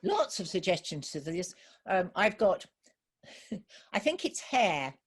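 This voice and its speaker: A woman telling a children's story live to an online audience, gently encouraging and asking listeners for ideas. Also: lowish voice, big pitch swings, slow, slightly rough.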